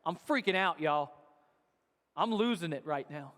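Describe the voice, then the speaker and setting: Jesus, hushed and grave, as a preacher puts him on. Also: male voice, a little high, lively intonation, a little slow, pitched below the performer's own voice. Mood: distressed. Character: solemn, troubled male teacher Jesus. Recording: long hall reverb.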